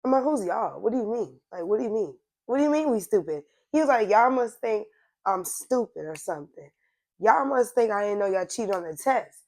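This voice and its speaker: A young woman with a hoarse, worn-out voice tells a casual storytime straight to her viewers, in an animated, slangy way. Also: medium pitch, a little fast. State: hoarse, voice nearly gone. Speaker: storytime vlogger.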